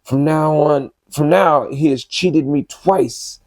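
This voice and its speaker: A man voicing a desperate grown son who begs his father, his voice pushed up high into pleading cries. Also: slow pace, darkish tone, no room sound.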